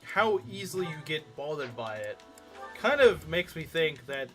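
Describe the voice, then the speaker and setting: Male streamer, casual chat, argumentative, answers comments, slightly high, very lively pitch. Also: a little slow, faint music behind.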